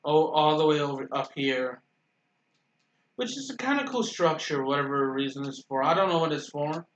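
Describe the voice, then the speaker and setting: A man's voice: a little high, lively intonation, moderate pace. A man giving casual, rambling commentary over a video game, often stopping to correct himself and stuttering. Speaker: gaming YouTuber. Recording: roomy echo.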